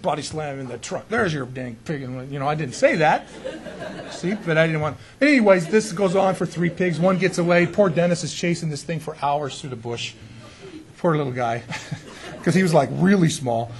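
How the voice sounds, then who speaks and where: A man, a pastor, preaching through an animated, self-mocking story full of restarts. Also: on the high side, moderate pace. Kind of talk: storytelling sermon.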